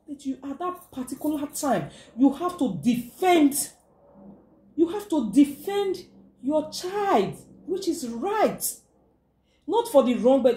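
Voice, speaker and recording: Nigerian woman vlogger, lively storytelling advice, slightly high pitch, echoey room. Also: a little slow. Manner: animated, acts out quoted voices, mixes in pidgin. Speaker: vlogger giving relationship advice. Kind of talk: casual advice monologue.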